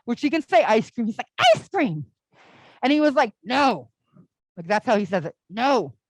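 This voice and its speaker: A young woman speaks to a congregation in a relaxed, conversational sermon, sprinkling her talk with casual fillers. Her voice sits somewhat high and moves through a very animated pitch range. The tone stays personal and storytelling rather than formal. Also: rapid-fire, no room sound, poor audio. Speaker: speaker at a church service. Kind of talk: conversational all-ages sermon.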